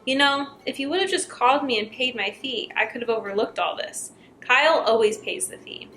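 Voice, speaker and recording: A woman voicing an ancient, menacing male pig farmer who talks in a gruff, mocking way. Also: sits high, brisk, a bit bright, soft background music.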